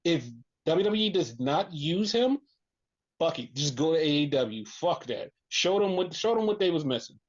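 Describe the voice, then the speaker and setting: Over a lo-fi recording, a podcast host gives a casual recap in a medium-pitched voice at normal speed. She or he swears freely and animates the story by voicing the quotes.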